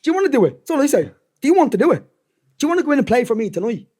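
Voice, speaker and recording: A man's voice: extremely high pitch, very animated, very fast, warm tone. A young Irish man with a Dublin accent, a guest singer-songwriter rambling through stories in casual podcast chat and swearing freely. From Dublin, Ireland.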